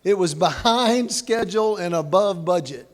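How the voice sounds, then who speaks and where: High-voiced man telling funny stories. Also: animated, normal speed. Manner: storytelling with acted quotes. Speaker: banquet speaker. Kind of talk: humorous motivational speech. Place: banquet hall, indoors.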